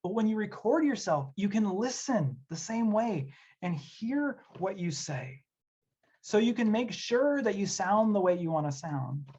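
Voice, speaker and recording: A man's voice: high-pitched, sing-song, measured pace, darkish tone, slightly rough. Earnest man giving an online workshop. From Tennessee, US. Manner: conversational and earnest, with frequent fillers. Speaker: instructional designer leading an online workshop. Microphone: computer mic on a video session. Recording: dull lo-fi audio.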